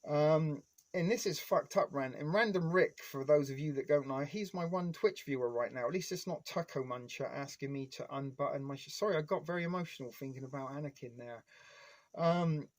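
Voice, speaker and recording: A man's voice: on the high side, fairly quick. Rambling, foul-mouthed man live-streaming. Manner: rambling, heavy swearing; nostalgic fan enthusiasm. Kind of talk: casual live-stream chat.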